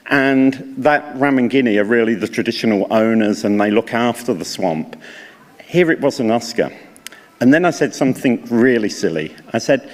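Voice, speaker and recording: A man's voice: medium pitch, unhurried. An older man giving a chatty, story-filled speech to graduates at a ceremony. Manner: chatty, anecdotal, animated when quoting others. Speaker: university leader addressing graduates. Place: large hall. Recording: reverberant hall recording.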